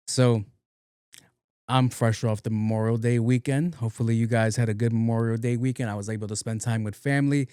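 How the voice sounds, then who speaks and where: A man's voice: mid-range voice, fairly quick, dark tone, dry recording, studio quality. A man hosting his own podcast in a casual, rambling, profane monologue, often repeating words playfully. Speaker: podcast host.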